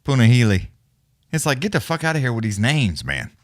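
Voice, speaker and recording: A man's voice: mid-range voice, very animated, a little fast, no echo, studio quality. A man hosting a live fight watch-along stream, chatting casually and telling rambling, profane stories with chuckles. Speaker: livestream host. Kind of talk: casual profane storytelling chat.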